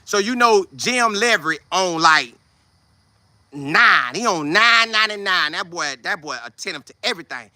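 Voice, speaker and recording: A man in his twenties, hosting a casual football show, talking loudly and boastfully with lots of energy. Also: sits high, normal speed, dry recording. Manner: loud, trash-talking, animated. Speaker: show host, football player. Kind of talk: casual livestream chat.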